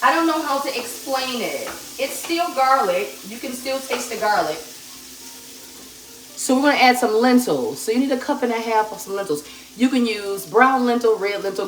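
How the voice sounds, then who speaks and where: A woman hosting a live cooking demonstration, calm and chatty as she talks straight to her viewers. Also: mid-range voice, brisk. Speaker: cooking show host. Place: home kitchen. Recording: echoey kitchen with sizzling pan noise. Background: frying and sizzling from the pan.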